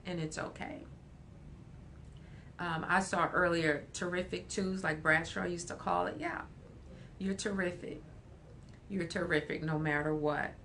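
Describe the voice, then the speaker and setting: A woman counselor giving an animated, emphatic livestream talk, often breaking into laughter. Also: on the low side, slight background noise.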